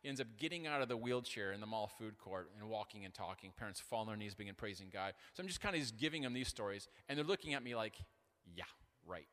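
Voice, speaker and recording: A male pastor preaching with humor and stories, animated and self-deprecating, full of fillers and restarts. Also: on the low side, quick pace. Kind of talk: sermon with storytelling. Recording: long hall reverb.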